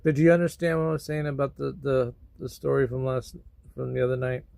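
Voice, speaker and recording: A man vlogging about feeling sad and sleepy, talking in a slow, rambling way with sudden loud bursts. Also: medium pitch, flat delivery, gravelly, dry recording. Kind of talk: emotional personal vlog.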